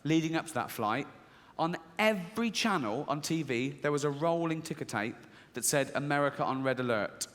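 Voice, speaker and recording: Animated man in a reverberant hall. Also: on the high side, moderate pace, few pauses. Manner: animated, acts out inner voices, laughs at own jokes. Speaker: stand-up comedian. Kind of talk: stand-up storytelling. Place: large stand-up venue. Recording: reverberant stage recording.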